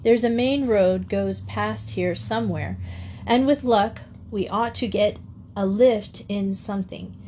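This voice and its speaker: A woman's voice: mid-range voice, a little slow, mellow, a little hiss or hum, lightly acted. A woman reading the part of a big fair man who talks bluntly and practically, reassuring a fainted young woman in a storybook. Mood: brisk. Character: big fair man, kindly but brisk rescuer.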